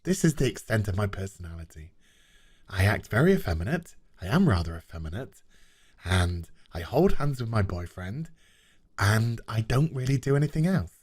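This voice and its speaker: A man mocking a smug, grinning male ship doctor in a review, in a slow, flat, deep monotone. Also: slightly rough.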